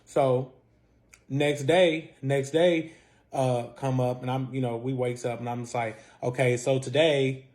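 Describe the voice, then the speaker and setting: A young man telling a wild personal story in a casual storytime monologue, heavily profane and animated, acting out both sides of an argument. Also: medium pitch, measured pace.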